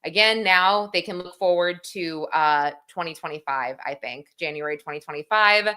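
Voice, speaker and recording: A woman's voice: fairly low pitch, normal speed, sharp tone, clear, resonant tone. A woman in her thirties hosting a livestream, chatting casually, reading comments aloud and laughing at herself. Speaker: livestream host.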